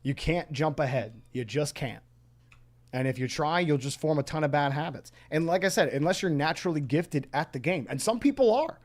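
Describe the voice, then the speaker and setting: A man's voice: a little high, lively intonation, moderate pace. A man casting a live video game match, chatting and giving play-by-play. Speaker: esports caster. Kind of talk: live game commentary and chat.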